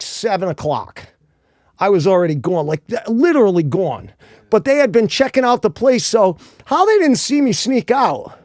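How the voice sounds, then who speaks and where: A man from Rhode Island, telling a wild personal story in casual, animated, profane podcast talk and acting out the people he quotes. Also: high-pitched, no room sound, clean studio sound.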